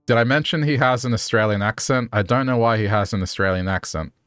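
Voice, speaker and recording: A man's voice: mid-range voice, fast, few pauses, fairly bright tone, clear, resonant tone, no echo, clean studio sound, soft background music. A man streaming a video game, joking playfully and talking to the characters as he plays. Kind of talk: playful gameplay commentary.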